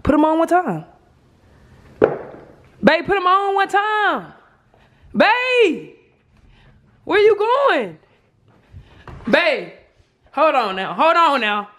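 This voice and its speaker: A woman's voice: extremely high pitch, sing-song, drawn-out words, pauses often, a bit bright, a little hiss or hum. A young woman hosting a casual prank vlog, talking in a playful, teasing, coaxing way. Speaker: vlog host.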